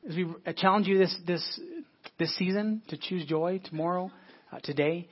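Pastor, male, fairly high husky voice, muffled lo-fi church recording. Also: steady tone, moderate pace. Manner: preachy, repeats words and restarts often. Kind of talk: sermon. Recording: dull lo-fi sermon audio.

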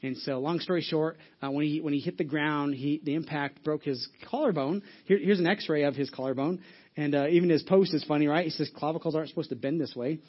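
A man's voice: a little high, fairly quick, muffled recording. A man preaching a sermon as pastor, telling a story casually with many restarts and asides. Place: church.

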